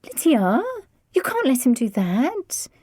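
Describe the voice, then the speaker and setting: A woman's voice: on the high side, very animated, slow, mellow, slightly rough, no echo, clean studio sound, voice pushed up, full character voice. A woman voicing a sensible young older sister who reasons earnestly.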